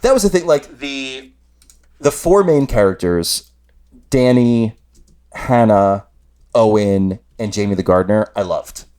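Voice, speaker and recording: Gushing, lively man from New Jersey. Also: on the low side, measured pace, long pauses, clean tone. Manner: enthusiastic, gushing, laughs easily. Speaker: podcast co-host. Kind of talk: casual chat.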